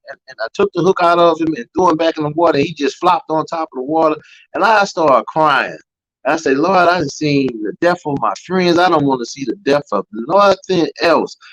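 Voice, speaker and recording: Interview guest, man with a New Orleans accent, fairly high voice, storytelling testimony that acts out quoted voices. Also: fairly bright tone, poor audio. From Louisiana. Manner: storytelling, acting out quoted voices, frequent "man" and "you know". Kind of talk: emotional personal testimony.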